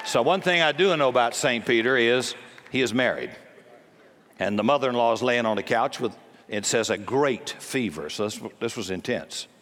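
A man preaches with blunt force, mixing jokes with sudden commands. His voice sits at an ordinary male pitch. It carries a long reverb from a large church hall. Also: lively intonation, normal speed, a bit bright, some chatter behind. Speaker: pastor. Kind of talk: sermon.

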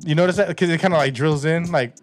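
A man's voice: a little high, fast, faint music behind. A man, chatting casually on a podcast, laughing and slangy. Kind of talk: casual chat.

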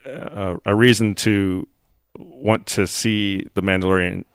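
A man's voice: low-pitched, fairly even intonation, slow, smooth, no echo. A man co-hosting a podcast in casual chat, rambling with many fillers and restarts and laughing often. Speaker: podcast co-host.

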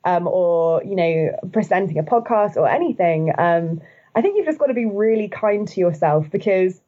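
A woman's voice: fairly low pitch, lively intonation, normal speed, highs cut off. A woman guest on a podcast, talking casually with lots of "like"s, light laughs and rising upward inflection at the ends of sentences. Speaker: guest, video host.

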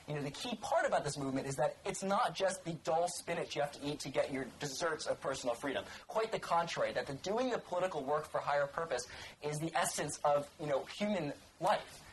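A man's voice: a little high, a little hiss or hum, rough recording. A young man, an organizer and co-author, speaking earnestly at a public talk, often restarting and saying "frankly". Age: young adult. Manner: earnest, repeats frankly and you know, stumbles.

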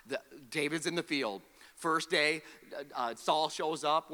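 A man's voice: a little high, measured pace, bright, forceful tone, in a large hall. A man preaching a sermon as pastor. He tells the story with animation, acts out the characters' lines and has the audience repeat words back to him.

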